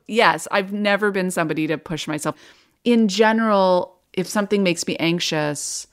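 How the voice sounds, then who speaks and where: A woman's voice: medium pitch, normal speed. A woman, an interview guest, recounting a personal experience in a candid, reflective and wry way.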